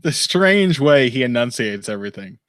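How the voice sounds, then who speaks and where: A man hosts a casual live fight commentary stream like a podcast, rambling and wry, swearing freely and laughing a lot. His medium-pitched voice swings widely in pitch at a normal speed, with a fairly bright tone. He's on headphones and a desk mic, with no echo.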